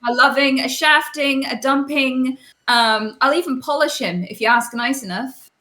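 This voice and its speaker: A woman's voice: high voice, moderate pace, bright, forceful tone. A British woman from Britain, a guest in a casual interview, cheeky and teasing, heard over a call in an echoey room.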